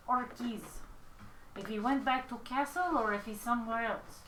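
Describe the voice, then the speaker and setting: A woman's voice: on the high side, a little slow, noisy background. A woman playing a tabletop game, bantering playfully and swearing casually. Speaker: player. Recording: roomy, distant mic.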